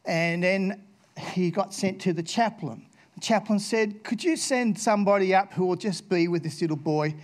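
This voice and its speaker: Animated high-voiced man storytelling. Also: normal speed. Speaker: speaker addressing schoolchildren. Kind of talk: storytelling talk to an audience.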